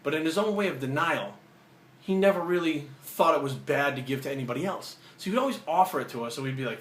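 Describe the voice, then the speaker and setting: Profane, animated man telling a story. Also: fairly high pitch, fast. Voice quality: profane, animated, acts out the dialogue. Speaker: vlogger. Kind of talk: casual storytelling. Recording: roomy echo, faint ambient noise.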